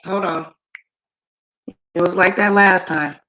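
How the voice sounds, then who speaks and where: Slow, bright-voiced woman livestreaming. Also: on the low side, fairly even intonation, a little hiss or hum. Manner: chatty, addresses viewers directly. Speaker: livestream host. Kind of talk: casual livestream chat. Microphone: streaming setup.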